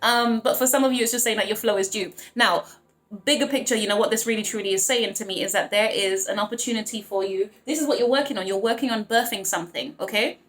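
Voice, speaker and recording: A woman's voice: mid-range voice, fast, fairly bright tone, roomy sound. A young woman doing a casual tarot reading to camera, gushing and emotional, and talking straight to her viewers. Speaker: tarot reader.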